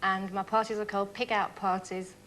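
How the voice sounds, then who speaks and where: Lively woman contestant from Blackpool. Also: medium pitch, fairly quick, very noisy. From Blackpool, England. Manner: lively, comic storyteller. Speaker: game show contestant. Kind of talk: TV game show chat.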